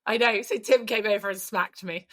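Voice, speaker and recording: A woman's voice: mid-range voice, fairly even intonation, moderate pace, a bit bright. A woman co-hosting a podcast, chatting and gossiping with plenty of laughs. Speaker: podcast co-host. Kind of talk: casual chat.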